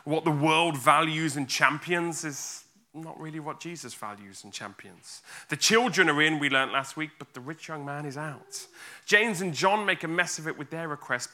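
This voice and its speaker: A man preaching an earnest, expressive sermon in church and acting out the quotes he reads. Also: a little high, normal speed. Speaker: pastor.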